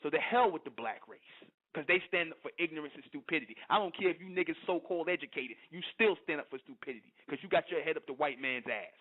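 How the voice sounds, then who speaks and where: A man's voice: fairly high pitch, animated, fast talker, few pauses. Fiery male radio host on a phone line. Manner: fiery, repeats "you understand" constantly. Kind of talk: preaching monologue on internet radio. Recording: tinny phone-line audio.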